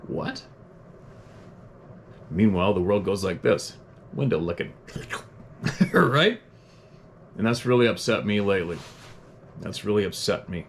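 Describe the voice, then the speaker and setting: A man's voice: lowish voice, animated, measured pace, pauses often, a little hiss or hum. Blunt, profane man ranting. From Canada. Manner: self-deprecating chuckles. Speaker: podcast host reading listener letters. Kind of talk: unscripted podcast monologue.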